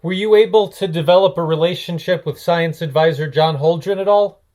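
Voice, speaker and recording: A man's voice: on the high side, brisk, a little mellow. A male interviewer asking long, carefully framed questions in an oral history interview.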